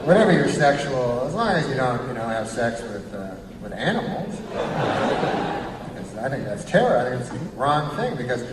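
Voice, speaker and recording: A man's voice: medium pitch, sing-song, moderate pace. A man doing a rambling, profane stand-up routine, often chuckling at his own jokes. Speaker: stand-up comedian. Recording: echoey hall, mic far off, loud crowd and noise.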